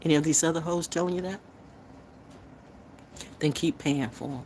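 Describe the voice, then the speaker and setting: A woman's voice: low voice, normal speed, darkish tone, slight background noise. A woman from North Carolina, hosting a tarot livestream and delivering an unscripted, profane, confrontational rant.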